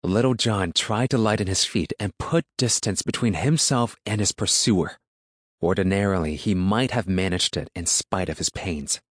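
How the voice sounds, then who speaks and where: Deep-voiced male audiobook narrator. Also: no room sound, studio quality. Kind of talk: scripted narration.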